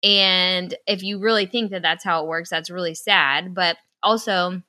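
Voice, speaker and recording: A young podcast co-host with a lowish voice and no room sound shares a story conversationally. She's animated, jumps into acting out what others said, and lets swear words fly when annoyed.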